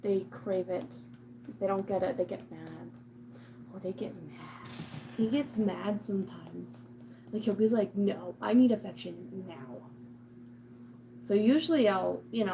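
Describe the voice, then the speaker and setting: Talking to camera about her cat, she rambles chattily, peppering her speech with "like" and "um" and drifting into cooing baby talk aimed at the cat. Her voice has vocal fry at a medium pitch, against a noisy background.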